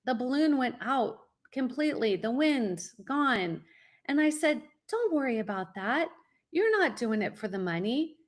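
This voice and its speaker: Energetic storytelling mother, high voice. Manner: energetic, addresses parents directly. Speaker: guest, college consultant. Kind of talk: animated podcast storytelling.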